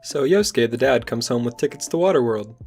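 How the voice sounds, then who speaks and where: Young man, manga review vlog, casual recap, enthusiastic, mid-pitched voice. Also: expressive, brisk, darkish tone, husky, faint music behind.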